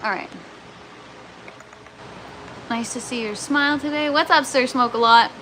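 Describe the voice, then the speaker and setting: A woman's voice: sits high, unhurried, bright, forceful tone, slight background noise, rough recording. A Canadian woman chatting casually with viewers on a gardening livestream, self-mocking and laughing often, sounding tired. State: tired from lack of sleep. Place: indoor grow tent.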